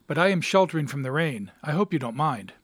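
A weary, mild-mannered young bachelor talking politely in a slightly high voice, read by a man. The recording is dry and close. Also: animated, fairly quick, fairly bright tone, husky, no room sound. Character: bored young bachelor, weary then eager.

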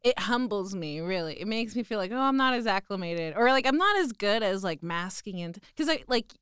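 A young woman with a Texan accent chatting casually as a guest, self-deprecating and quick to laugh. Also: mid-range voice, lively intonation, a bit bright, clear, resonant tone, no room sound, clean studio sound. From Texas. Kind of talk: casual chat.

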